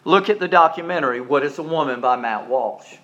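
A male pastor preaching a sermon, telling stories dramatically and swinging between loud and hushed delivery. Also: medium pitch, lively intonation, a little fast. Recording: dull lo-fi recording.

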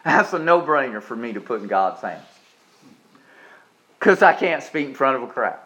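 A man, preaching a sermon in a folksy, joking way and slowing down to repeat his key points with emphasis. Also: medium pitch, very animated, a bit bright, low-quality recording. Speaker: pastor.

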